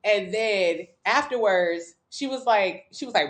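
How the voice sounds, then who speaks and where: A woman's voice: mid-range voice, a little slow. A woman from Miami hosting a casual livestream from her couch, talking bluntly and profanely while answering viewer comments. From Miami, Florida. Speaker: livestream host.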